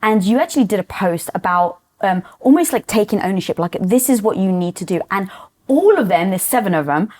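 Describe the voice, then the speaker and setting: Female host, relaxed chat tone, thinks out loud, uses lots of fillers. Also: mid-range voice, brisk. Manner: reflective, chatty, many fillers like "like" and "um". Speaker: podcast host. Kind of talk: casual conversational interview.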